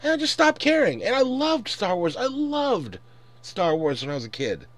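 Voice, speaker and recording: A man's voice: high-pitched, wildly swooping pitch, normal speed, fairly bright tone, no echo. A man in his twenties ranting angrily and profanely in a casual commentary. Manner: angry, profane, exasperated. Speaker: vlogger.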